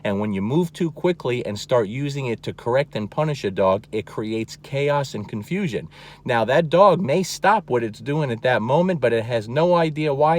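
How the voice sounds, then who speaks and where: A man's voice: medium pitch, darkish tone. A man teaching as a dog trainer, talking plainly and emphatically, often checking in with "okay?" and repeating key words. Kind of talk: instructional talk to camera.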